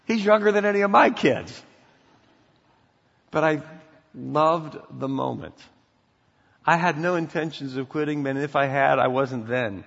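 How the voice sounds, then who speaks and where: A middle-aged pastor preaching a sermon, emphatic and preacherly, sometimes dropping to a quiet intensity. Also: male voice, fairly high pitch, unhurried, vocal fry, long pauses. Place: church sanctuary. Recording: dull sound in a reverberant hall.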